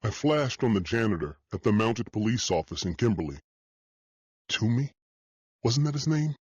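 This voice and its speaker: A man narrating an audiobook in the first person, steady and measured. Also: lowish voice, husky, dry recording, muffled recording.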